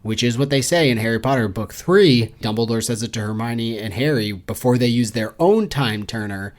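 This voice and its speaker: A man's voice: mid-range voice, normal speed. Sarcastic man in casual book chat. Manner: sarcastic, acts out characters in mocking quoted voices. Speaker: podcast co-host.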